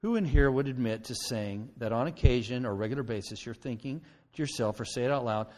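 A man's voice: medium pitch, brisk, darkish tone. Guy preaching a sermon in church, chatty, keeps asking okay?, long echo off the hall. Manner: conversational preaching, frequent "okay?" check-ins. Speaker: pastor. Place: church sanctuary.

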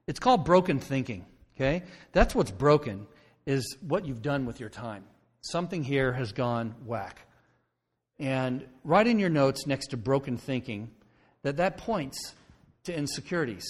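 A man's voice: medium pitch, big pitch swings, normal speed, husky. A male pastor giving a conversational sermon, often checking in with "okay?". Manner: conversational preaching, frequent "okay?" check-ins. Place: church sanctuary. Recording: long hall reverb.

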